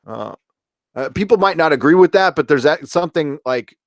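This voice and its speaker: Relaxed, rambling man on a dry mic. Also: a little high, moderate pace, no room sound. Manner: rambling and relaxed, many fillers and restarts. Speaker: live show host reviewing a TV episode. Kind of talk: casual live-stream chat, reading viewer comments.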